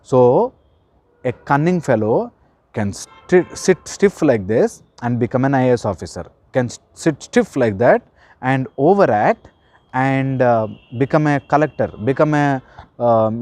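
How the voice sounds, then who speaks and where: A man giving an earnest spiritual talk, stressing points by repeating words and slowing down. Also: medium pitch, expressive, a little mellow, no room sound. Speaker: spiritual counsellor and life coach. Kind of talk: earnest spoken talk to camera.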